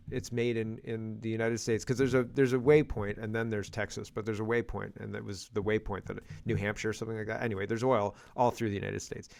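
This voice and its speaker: A man's voice: fairly low pitch, vocal fry, smooth. A Canadian man hosting a podcast, talking casually and rambling through opinions with frequent restarts. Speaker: podcast host. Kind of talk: casual political commentary.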